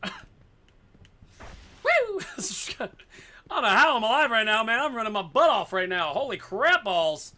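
A man giving goofy, excitable commentary over his own gameplay, swearing in silly made-up phrases. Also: sits high, brisk.

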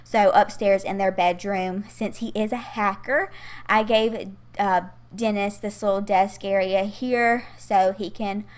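A woman's voice: medium pitch, fairly even intonation, measured pace. A young woman, out of breath and heavily pregnant, chatting casually through a game build voiceover with lots of fillers and giggles. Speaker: Sims gaming YouTuber.

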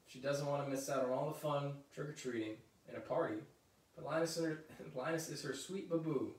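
A man reading a children's picture book aloud, with lively, chatty asides between passages. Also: a little high, fairly quick. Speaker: story reader. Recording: roomy echo, mic at a distance.

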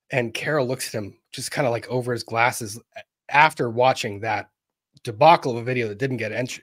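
A man's voice: mid-range voice, no room sound. A man hosting an interview, retelling a story in a rambling, chatty way and laughing as he talks. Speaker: interview host. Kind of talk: conversational interview.

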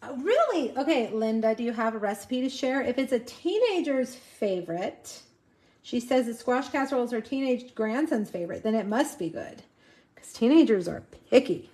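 A chatty woman hosts a live card-making session and talks straight to her viewers. Her voice sits a little high for a woman. She mixes step-by-step crafting with homey asides. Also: big pitch swings, normal speed, mellow. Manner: chatty, addresses viewers as you guys. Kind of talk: casual live crafting demo.

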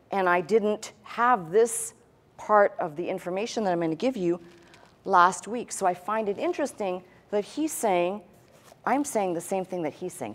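A woman pastor teaching a sermon in a conversational way, with asides and dry humor, demonstrating points with a pen on a tablet. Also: mid-range voice.

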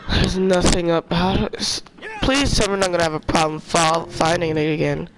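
A young man streaming a video game, chatting in slang and yelling at the game when things go wrong. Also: on the high side, normal speed. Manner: excitable, trash-talking slang, yells at the game. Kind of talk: casual gaming commentary. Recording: noisy game sound underneath.

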